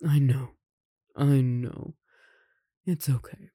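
Performer as a gentle lovestruck roommate, mellow tone, slow, soft laughs, audio roleplay. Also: medium pitch, slightly rough, dry recording, studio quality, heavily acted. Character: caring roommate confessing love. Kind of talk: romantic audio roleplay addressed to the listener.

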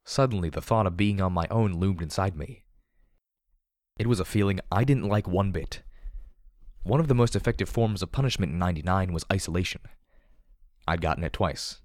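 A man narrating first-person fiction in a steady, measured reading voice. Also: deep voice, no room sound, clean studio sound. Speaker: audiobook narrator.

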